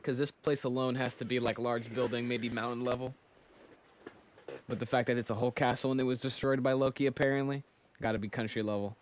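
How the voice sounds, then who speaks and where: A man's voice: mid-range voice, level tone, fairly quick. A man reacting casually on a live stream, thinking aloud and talking to his chat while yawning. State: sleepy, yawning. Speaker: streamer reading manga live.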